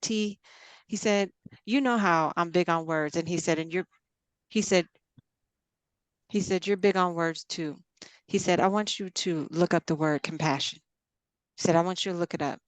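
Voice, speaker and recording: A woman with a notably low, deep voice talks in a relaxed chat, recounting what was said by acting out each line of dialogue. She sounds middle-aged, and her voice is dry and close to the mic. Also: moderate pace, no echo. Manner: storytelling, quoting others in dialogue. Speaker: podcast co-host. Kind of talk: casual chat.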